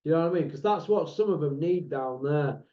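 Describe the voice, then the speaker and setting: High-voiced northern English man ranting. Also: a little fast. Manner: blunt, mocking, combative. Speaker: channel host. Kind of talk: ranting monologue to camera. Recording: roomy, dull lo-fi sound.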